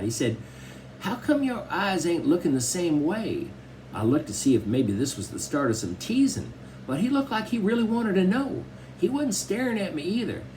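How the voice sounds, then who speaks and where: Guy reading a kids' book aloud, lively up-and-down voice, chatty storytelling. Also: on the high side, a little hiss or hum, low-quality recording. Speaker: audiobook narrator. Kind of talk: first-person storybook narration.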